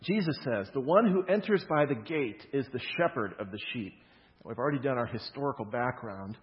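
A man's voice: medium pitch, expressive, brisk. A man preaching a sermon, explaining scripture with emphatic stresses on key words and casual conversational asides. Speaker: pastor. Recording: dull lo-fi sound with long hall reverb.

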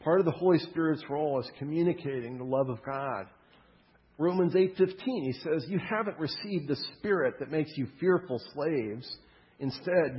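A man preaching a sermon, talking in a relaxed, chatty way and slipping in humorous stories. His voice carries a long echo from a big hall. The sound is a little muffled and dull. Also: a little high. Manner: conversational, humorous storytelling. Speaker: pastor.

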